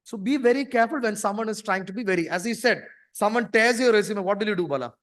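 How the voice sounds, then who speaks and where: A man's voice: sits high, animated, fast talker, a bit bright. A man giving an interactive orientation talk to students, acting out scenes and questioning the audience. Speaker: orientation speaker.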